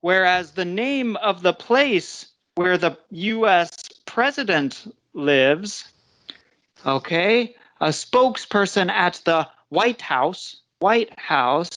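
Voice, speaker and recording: A woman's voice: fairly low pitch, expressive, takes it slowly, fairly bright tone. An American woman teaching a live English pronunciation lesson, patiently explaining step by step and checking in with her listeners. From United States.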